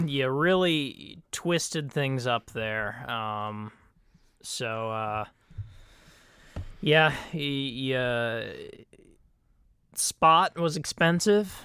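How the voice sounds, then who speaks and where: Lively woman podcast co-host. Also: rumbling low, extremely slow, long pauses, clear, resonant tone, no echo, clean studio sound. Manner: laughing, playing along. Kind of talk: improvised comedy chat.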